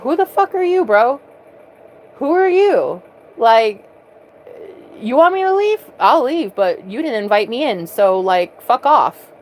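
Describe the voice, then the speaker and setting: A woman's voice: medium pitch, very animated, measured pace, pauses often, a little hiss or hum, rough recording. A woman voicing a brash, confident male healer who swaggers and swears. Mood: defiant. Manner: swaggering, profane.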